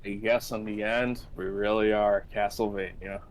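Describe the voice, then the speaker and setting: A man's voice: fairly low pitch, fairly even intonation, normal speed, over a noisy crowd. A man making joking, wry asides while watching a game with friends. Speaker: co-commentator. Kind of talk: casual game chat.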